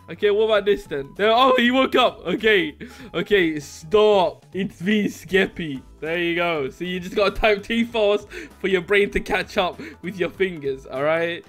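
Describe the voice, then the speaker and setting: A man's voice: high voice, unhurried, fairly bright tone, faint music behind. A man giving casual gameplay commentary as a YouTuber, giggling often as he talks. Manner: giggly, laughs through his lines. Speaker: YouTuber playing a game.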